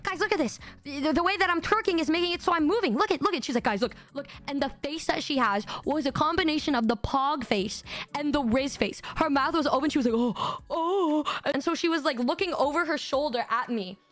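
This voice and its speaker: A young woman streamer excitedly telling a story in a casual chat and acting out what others did. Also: sits high, quick pace.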